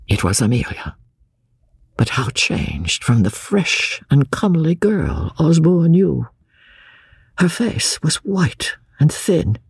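Slow, gravelly male audiobook narrator. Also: fairly high pitch, no room sound, clean studio sound. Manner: expressive, slow storytelling with hushed asides.

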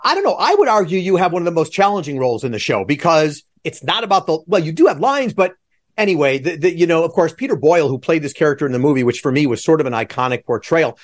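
A man's voice: fairly high pitch, sing-song, quick pace. A man hosting a video-call interview podcast, asking long, rambling, chatty questions. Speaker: podcast host.

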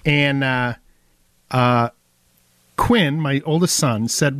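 A man's voice: mid-range voice, slow, long pauses, no echo, rough recording. A man hosting a home improvement radio show, telling playful stories in casual banter. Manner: animated storyteller, playful. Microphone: studio microphone.

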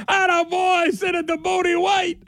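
Man, talk radio host, very high voice, gravelly, mocking and laughing. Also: no room sound. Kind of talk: political talk radio monologue.

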